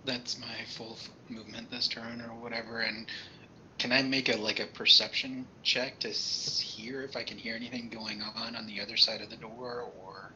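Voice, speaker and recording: A man's voice: medium pitch, level tone, moderate pace, sharp tone, a little hiss or hum, poor audio. A man playing a tabletop role-playing game, talking in a loose, casual way. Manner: casual, loose phrasing with restarts. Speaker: player.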